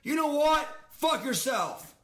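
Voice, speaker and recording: A young man streams a football video game, ranting and swearing out of frustration while he plays. His voice is very high-pitched and sing-song, fairly bright in tone, and he talks at a slow pace.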